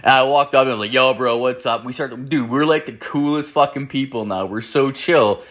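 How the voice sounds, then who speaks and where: A young male podcast host tells a rambling, casual story packed with swearing and "like" fillers. His voice is medium-pitched, brisk and a bit bright, though the recording sounds muffled.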